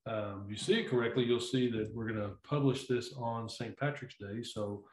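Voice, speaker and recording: A man's voice: medium pitch, steady tone, normal speed, darkish tone, slight background noise. A middle-aged man co-hosting a podcast in casual chat, rambling and repeating himself. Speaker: podcast co-host. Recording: echoey room.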